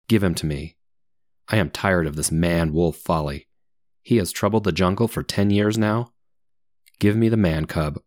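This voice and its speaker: A man's voice: sits low, darkish tone, no echo, studio quality. A man voicing a menacing, domineering male tiger who roars his demands. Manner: roaring, demanding.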